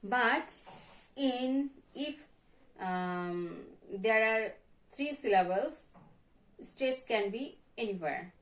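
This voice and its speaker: In an expressive, fairly high voice with drawn-out words, a Bangladeshi-accented woman teaches a slow classroom lesson, saying each word several times over as pronunciation practice. She's captured from a distance in a room full of echo.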